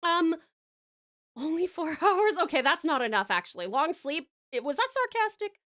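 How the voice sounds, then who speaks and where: A woman's voice: high voice, big pitch swings, normal speed, fairly bright tone. A woman streamer from Australia with an Australian accent, chatting with viewers in a casual way, laughing often and trailing off mid-thought. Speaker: streamer and voice actor. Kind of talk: casual chat reading viewer messages.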